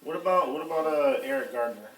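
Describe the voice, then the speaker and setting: A man of middle pitch asks short, halting questions. He is off mic, and the room echoes around him. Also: lively intonation, distant mic. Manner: short, hesitant prompts. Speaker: interviewer, the guest's nephew. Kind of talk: brief interview questions.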